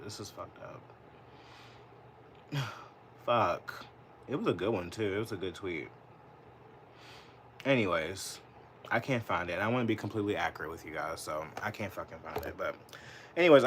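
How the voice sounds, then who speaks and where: Man livestreaming political rant, swearing, rambling, lots of "like", swooping animated voice, faint noise behind. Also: fairly low pitch. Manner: profane, rambling, heavy use of "like"; gets heated and indignant. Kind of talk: live political commentary.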